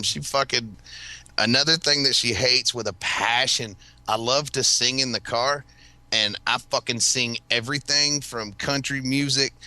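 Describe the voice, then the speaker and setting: A man's voice: medium pitch, pushed and bright, clean tone, dry recording. A man in casual podcast chat, telling rambling, profane stories and laughing often. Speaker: podcast host.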